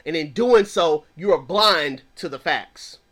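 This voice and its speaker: A man's voice: a little high, expressive, unhurried, fairly bright tone. A man who counsels clients, teaching in an emphatic preaching style with a repetitive cadence.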